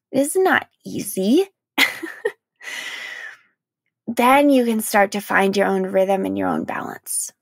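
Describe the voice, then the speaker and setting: A young woman hosts a solo podcast, speaking in a candid, heartfelt way with a gravelly fry at the ends of her phrases. The sound is dry and close. She sprinkles in "like" and gentle laughter as she reflects. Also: mid-range voice, no room sound. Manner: emotional, candid, frequent "like" and soft laughs. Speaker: podcast host.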